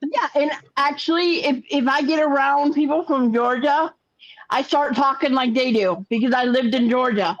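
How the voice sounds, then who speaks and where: A woman's voice: sits high, moderate pace, dry recording, muffled recording. An older woman hosting a casual crochet chat stream, telling rambling stories and repeating words as she goes. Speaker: host of a crochet chat livestream.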